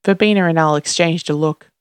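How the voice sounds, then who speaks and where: A narrator reading a story aloud in a steady, even voice, doing every character themself. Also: mid-range voice, brisk, smooth, no room sound, studio quality. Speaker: audiobook narrator.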